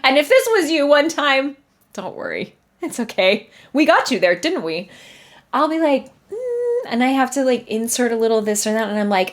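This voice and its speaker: A woman who teaches singing, hosting a casual solo podcast, chatty and animated with frequent laughter as she acts out her students' doubts. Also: sits high, moderate pace.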